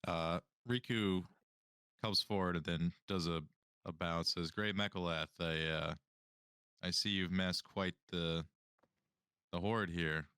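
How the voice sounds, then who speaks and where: A man role-playing his character at a tabletop game, speaking haltingly with many restarts. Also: low-pitched, steady tone, pushed and bright, clear, resonant tone, no echo, clean studio sound. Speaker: player.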